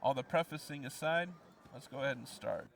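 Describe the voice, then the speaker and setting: A man's voice: mid-range voice, brisk, gravelly, recorded from a distance. A young man from the US Midwest giving casual let's play commentary, explaining as he goes with plenty of ums. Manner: rambling, explanatory, lots of ums.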